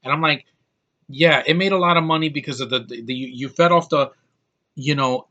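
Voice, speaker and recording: A movie reviewer with a medium-pitched, sharp-toned voice rants casually about a film. He's blunt and heated, frequently repeating and restarting his words.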